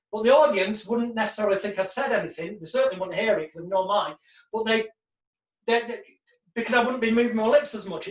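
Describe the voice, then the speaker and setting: A man explains stage hypnosis in a loose, chatty teaching monologue. He tells his stories with gusto, acting out the voices of the people involved. He sits away from the mic in an echoey room, and the sound is slightly muffled. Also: sits high. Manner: lively storyteller who acts out quotes. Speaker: hypnosis trainer. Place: home room in front of a backdrop. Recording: roomy, distant, dull sound.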